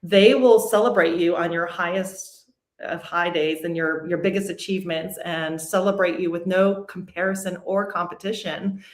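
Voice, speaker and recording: A woman's voice: lowish voice, moderate pace. A woman in her forties, a podcast guest, telling a painful personal story candidly and steadily. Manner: candid, steady even through hard memories. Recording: roomy echo.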